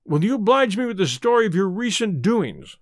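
A man voicing a calm, assured old male villain who speaks smoothly with quiet menace, in an audiobook. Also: high-pitched, a little fast, no room sound, studio quality.

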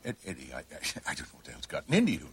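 An actor playing a panicked, middle-aged mob boss who pleads and stammers. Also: male voice, very deep voice, huge pitch swings, racing, gravelly, heavily acted. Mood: panicked pleading.

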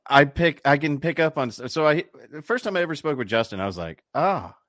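A man's voice: a little high, expressive, fast, fairly bright tone, dry recording. Profane Southern man on a dry mic. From American South. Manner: profane, jokey, mimics accents. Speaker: podcast co-host. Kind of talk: casual podcast chat.

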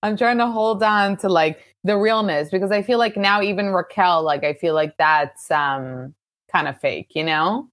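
Female podcast guest, chatty and questioning, low-pitched. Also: a bit bright. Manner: chatty, quick questions, lots of "like" and "you know". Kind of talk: casual chat.

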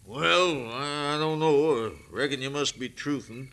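An actor playing a wary, grieving rancher who talks in an expressive drawl, in 1940s radio acting. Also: male voice, a little high, measured pace.

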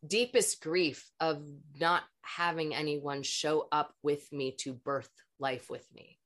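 A woman with a notably low, deep voice speaks as a podcast guest. She tells a spiritual healing story candidly and at length, rambling and cursing without restraint. She sounds like an energy healer talking openly about her own experience. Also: steady tone, slow pace, fairly bright tone. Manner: frank, swears freely, rambling.

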